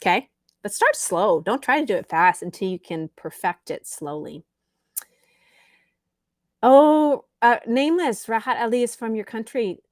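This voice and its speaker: A woman's voice: a little high, expressive, no room sound. A woman teaching English on a live stream, patiently answering viewers' chat comments. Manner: slow, patient, reads chat comments aloud.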